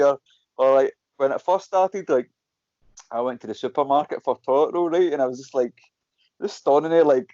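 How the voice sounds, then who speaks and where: A Scottish man in a relaxed chat tells stories with animated energy, swearing freely and acting out his own and other people's lines. His voice sits at a middle pitch and sounds dry and close. The call audio is dull and lo-fi. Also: brisk, no echo. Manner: animated storytelling, frequent swearing, acts out quotes. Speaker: guest, MMA fighter. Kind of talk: casual chat.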